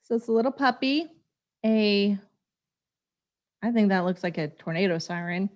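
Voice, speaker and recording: Woman, thirties, casual podcast chat, animated, laughing, medium pitch. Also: normal speed, muffled recording. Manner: chatty, laughs often, animated storytelling. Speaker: podcast co-host.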